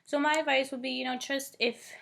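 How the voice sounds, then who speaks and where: A woman's voice: sits high, fairly even intonation, brisk, gravelly, fairly bright tone. A woman in her twenties from Northeast Ohio, a college student casually explaining a theory, full of "like" and "um" fillers. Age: 20s. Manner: chatty, many "like" and "um" fillers.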